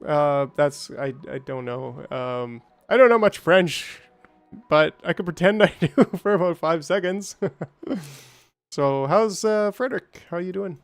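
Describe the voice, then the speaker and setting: A man's voice: fairly high pitch, expressive, a little slow, clean tone, dry recording. A man giving casual, rambling commentary on his gameplay, chatting with viewers and now and then greeting them in playful, silly voices. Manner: chatty, reads out and answers chat, rambling asides. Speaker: gaming streamer.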